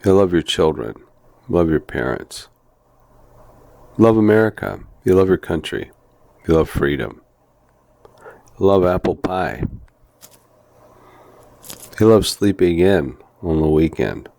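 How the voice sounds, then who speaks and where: Slow, folksy, deep-voiced man teaching. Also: lively intonation, gravelly, dark tone, no room sound. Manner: slow, deliberate, folksy storytelling with humor. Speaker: Bible study teacher. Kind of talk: devotional teaching with personal anecdotes.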